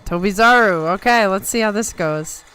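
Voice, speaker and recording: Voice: medium pitch, moderate pace, a bit bright, clear, resonant tone. A live-stream host giving emotional reaction commentary, gushing over the moment and chatting with viewers.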